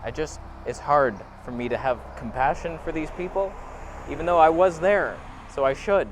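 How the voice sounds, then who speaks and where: A man's voice: on the high side, normal speed, noisy background. A young man talking to camera in a rambling, earnest, half-joking confessional monologue, filming his own vlog. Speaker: vlogger.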